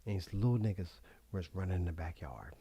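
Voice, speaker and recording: A man's voice: low-pitched, lively intonation, a little fast, dark tone, breathy edge, dry recording. A man hosting a livestream talk show in a rambling, profane monologue, laughing often as he goes. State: high.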